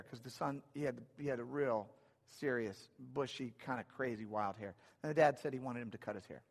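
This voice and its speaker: A man's voice: mid-range voice, brisk, gravelly. A man preaching a sermon, telling stories in a conversational way with dry humor. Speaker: pastor. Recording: long hall reverb.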